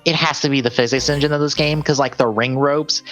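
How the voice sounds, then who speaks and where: A man's voice: fairly high pitch, steady tone, a little fast, fairly bright tone, faint music behind. A man co-hosting a gaming podcast, chatting casually and reading out game release lists, rambling and correcting himself. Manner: rambling, self-correcting, laughs often. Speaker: podcast co-host.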